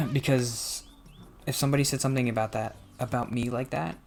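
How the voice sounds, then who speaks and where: Gravelly young man, rambling over music. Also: mid-range voice, moderate pace. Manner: rambling and self-reflective, with soft laughs. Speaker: gaming vlogger. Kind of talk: casual talk while playing a game. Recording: music playing underneath.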